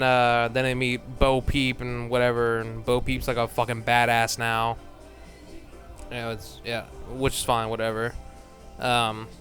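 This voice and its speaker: A man's voice: mid-range voice, a bit bright. A man ranting in a casual, rambling way, blunt and full of swearing, laughing often and trailing off into mumbled asides. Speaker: vlogger.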